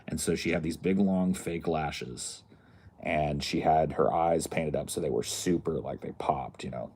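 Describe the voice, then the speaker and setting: A man's voice: very deep voice, measured pace, darkish tone, slightly rough. A man hosting a podcast, telling a casual, rambling story and laughing along as he goes. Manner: rambling, laughing at his own stories. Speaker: podcast host.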